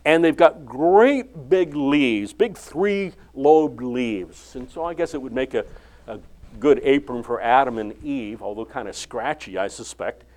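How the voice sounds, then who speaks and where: An older man preaching a sermon, retelling the Bible story and acting out its dialogue with lively inflection. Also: mid-range voice. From California.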